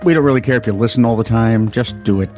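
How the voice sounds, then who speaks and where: A man's voice: mid-range voice, fast, darkish tone, faint music behind. An older man co-hosting a comedy news show who rambles, loses his place and mocks himself as he fumbles words. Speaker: co-host.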